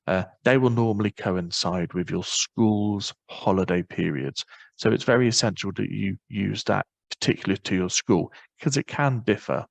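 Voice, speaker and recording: A man with a Northern Irish accent presenting a webinar, explaining quickly and informally with many fillers. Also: on the low side, vocal fry, dry recording, low-quality recording. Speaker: webinar presenter on parental leave.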